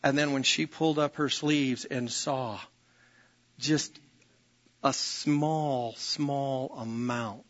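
Man, pastor, sermon, emphatic, repeats himself, fairly high voice, dull lo-fi recording. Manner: emphatic, repeats phrases, calls out "Amen?" to the congregation.

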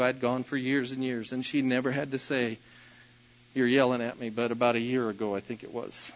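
Pastor, male, sermon delivery, bright forceful tone, lo-fi recording. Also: mid-range voice. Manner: storytelling, self-deprecating, rises to loud bursts.

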